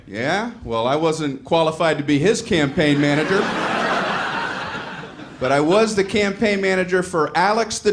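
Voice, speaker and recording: A middle-aged man performing a stand-up routine, telling a story in an animated way and acting out voices and exasperated asides. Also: a little high. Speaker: stand-up comedian. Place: comedy stage with audience laughter. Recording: live show with faint room noise.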